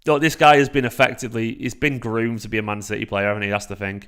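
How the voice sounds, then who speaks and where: A man in his thirties hosting a casual fan livestream, excitable and sweary as he reacts to the chat. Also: lowish voice, fast, clear, resonant tone. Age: 30s. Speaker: fan channel livestream host.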